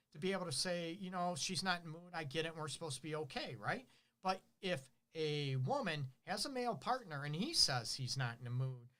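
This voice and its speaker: A man's voice: fairly high pitch, bright, forceful tone. A middle-aged man hosting a relationship advice show, talking casually and animatedly, asking rhetorical questions and acting out what partners say. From Detroit.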